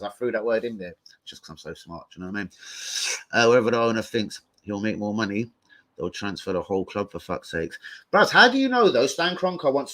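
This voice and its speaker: A man hosting a football fan livestream, talking in an excitable, sweary, rambling way. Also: mid-range voice. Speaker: host of a football fan show. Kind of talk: casual livestream chat.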